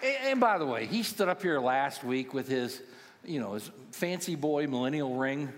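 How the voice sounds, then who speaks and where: A man's voice: medium pitch, very animated, normal speed. A man in his sixties, a pastoral care minister, preaching a sermon with humorous, self-deprecating stories for the congregation. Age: 60s. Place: large church auditorium. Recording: long church hall reverb.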